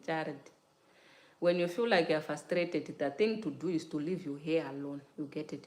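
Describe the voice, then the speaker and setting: A woman's voice: low-pitched, reverberant. Chatty woman vlogger talking hair care. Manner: chatty, laughs often, talks directly to viewers by name; repeats "you get it?" and "child". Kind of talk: casual livestream chat while taking down braids.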